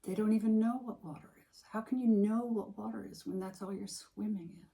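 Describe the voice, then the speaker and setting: A woman's voice: mid-range voice, a little fast, gravelly, rough recording. A woman co-hosting a podcast, chatting casually and emphatically about a book that mattered to her. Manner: animated, emphatic, thinks aloud with restarts. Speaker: podcast co-host. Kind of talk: casual chat about books.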